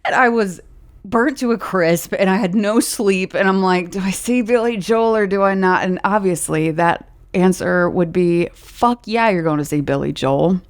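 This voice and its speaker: A woman in her thirties hosting a podcast, telling festival stories in casual, profane, animated chat with frequent laughs. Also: mid-range voice, moderate pace. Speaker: podcast host. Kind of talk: casual storytelling.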